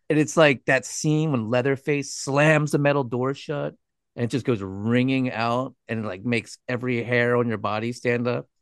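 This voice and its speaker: Creaky-voiced guy narrating true crime, cusses casually, dry close sound. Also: mid-range voice, normal speed, dry recording. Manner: casual, swears freely, animated reactions. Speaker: podcast co-host.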